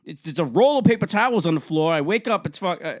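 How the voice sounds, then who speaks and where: A man's voice: on the high side, lively intonation, fast talker, no room sound. A man in his thirties co-hosting a podcast, telling a profane story in casual chat into a close mic. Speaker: podcast co-host.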